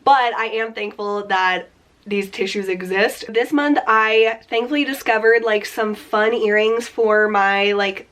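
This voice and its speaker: A woman's voice: medium pitch, fairly even intonation, a little slow, a bit bright. A woman in her late twenties chatting casually about her beauty favorites, her voice nasal and congested from a cold, with lots of "like" fillers. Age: 20s. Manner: chatty, upbeat, many fillers like "like". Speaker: beauty vlogger.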